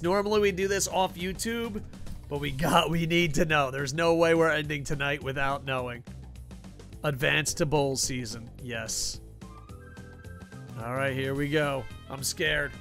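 Gravelly excitable male game streamer. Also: a little high. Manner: excitable, swearing, joking with chat. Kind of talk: live game streaming commentary.

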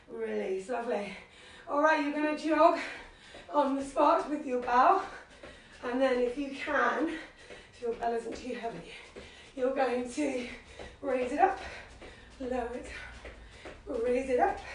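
A woman leading a live workout class, out of breath as she cues moves and counts reps in an encouraging way. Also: a little hiss or hum. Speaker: fitness instructor. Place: living room at home. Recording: very echoey room, distant, low-quality web stream.

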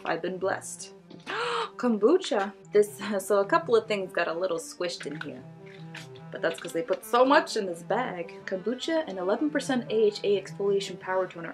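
A young woman vlogger casually unboxing beauty products, gushing and giggling as she reads labels aloud. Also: mid-range voice.

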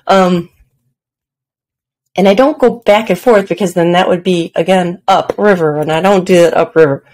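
A woman talks on her own podcast in a loose, chatty way. Her voice sits low. She pokes fun at herself and laughs easily. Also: normal speed, darkish tone. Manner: chatty and self-deprecating, laughs often at herself. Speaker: podcast host. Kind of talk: casual solo podcast talk.

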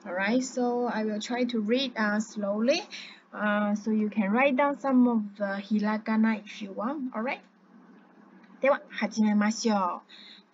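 A woman teaching an online language lesson. She talks patiently, repeats each word slowly, and often says "yeah" and "uh". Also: mid-range voice, fairly even intonation, muffled recording.

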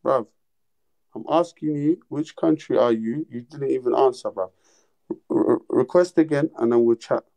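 A man's voice: medium pitch, moderate pace, creaky, warm tone. A young man hosting a casual livestream, teasing callers bluntly in street slang. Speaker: livestream host.

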